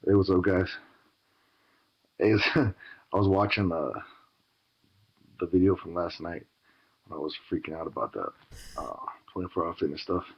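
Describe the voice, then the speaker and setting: Very deep gravelly man on a dull clip. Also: moderate pace, pauses often. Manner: loose, rambling, swearing, many fillers. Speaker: vlogger in a played clip. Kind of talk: casual vlog talk.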